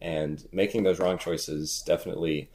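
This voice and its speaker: A teenage guy with a very low voice, talking through ideas in a relaxed podcast chat. He pauses and restarts as he hunts for words, thoughtful rather than polished. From Raleigh, North Carolina. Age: teens. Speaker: podcast co-host. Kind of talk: casual chat.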